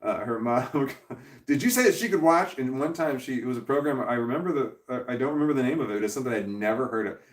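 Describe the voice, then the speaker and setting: A man's voice: medium pitch, rapid-fire, far from the mic. A man casually telling a long personal story to camera, rambling and profane, with frequent restarts and chuckles. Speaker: vlogger. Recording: roomy echo, voice off-mic.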